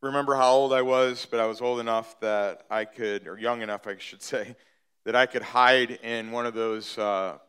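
A man's voice: mid-range voice, steady tone, normal speed, a bit bright, clear, resonant tone. A middle-aged man preaching a sermon, telling a personal story in a conversational way with many fillers and restarts, building to emphatic points. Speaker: pastor.

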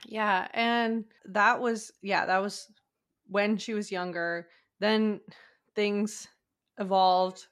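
A woman speaking as a podcast guest at a middle pitch, telling her story in a loose, conversational way. She hedges, restarts her sentences and laughs easily between them. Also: fairly even intonation, slow pace, smooth. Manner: hedging, laughs often, restarts while recounting. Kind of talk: casual podcast chat.

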